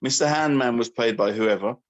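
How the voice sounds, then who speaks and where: A man in casual podcast chat, animated and easily sidetracked, joking and swearing casually. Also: mid-range voice, brisk, lo-fi sound.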